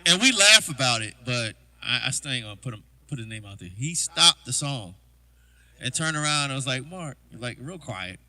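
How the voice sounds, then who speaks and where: Bright-voiced man telling gig stories. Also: mid-range voice, animated, a little fast. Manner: loose, chatty, full of "you know" asides; acts out quoted exchanges in a hushed voice. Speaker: drummer hosting a livestream. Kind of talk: casual livestream storytelling.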